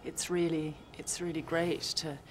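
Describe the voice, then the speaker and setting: A woman's voice: sits low, little pitch movement, measured pace, slight background noise. A woman actress answering interview questions in a reflective way, often restarting her sentences and adding playful asides.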